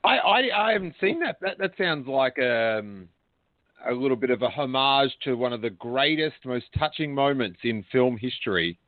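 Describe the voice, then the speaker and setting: A man's voice: medium pitch, expressive, moderate pace, no room sound. A man hosting a casual chat, joking and talking with many restarts. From Australia. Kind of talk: casual chat over a call. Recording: tinny call audio, dry.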